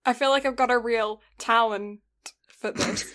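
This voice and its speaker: A woman's voice: fairly high pitch, steady tone, normal speed, a bit bright. A woman co-hosting a podcast, recapping an anime in a casual, rambling way, with frequent laughs and puns. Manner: giggly, punning, rambling. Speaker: podcast co-host.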